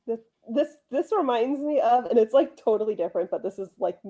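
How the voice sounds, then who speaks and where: A woman hosts a casual podcast chat in a slightly high voice. She tells stories bluntly and acts out the people she quotes. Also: animated, brisk, dark tone. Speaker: host.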